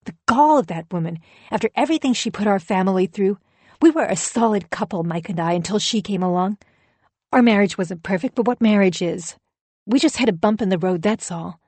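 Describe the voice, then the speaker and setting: An indignant middle-aged ex-wife, as a woman reads her in an audiobook, pitched up and pushing hard on every grievance. She sounds bitter and self-righteous, recorded close and dry. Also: fairly quick, darkish tone, dry recording, natural voice. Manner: aggrieved, emphatic.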